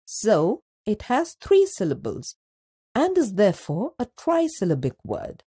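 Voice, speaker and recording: A woman narrating a scripted school lesson, speaking slowly and deliberately and stretching words out syllable by syllable. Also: medium pitch, wildly swooping pitch, warm tone, slightly rough. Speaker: teacher narrator.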